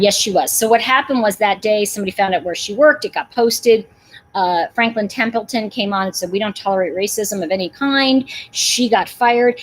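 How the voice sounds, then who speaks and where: A middle-aged woman hosts a casual livestream, speaking emphatically and answering viewers in the chat. Her voice is medium-pitched. The recording is low quality, with slight background noise.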